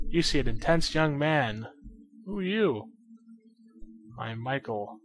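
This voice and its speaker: A man's voice: medium pitch, expressive, slow, pauses often, fairly bright tone, soft background music. A man casually commenting on a game and reading its dialogue aloud, with dry, sarcastic asides. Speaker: let's play commentator.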